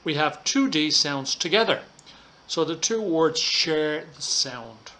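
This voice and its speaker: Slow, bright-voiced male English teacher. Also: fairly high pitch, animated. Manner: slow, deliberate teacher talk with frequent "okay"s. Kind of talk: recorded online lesson, explaining slides. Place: Thailand.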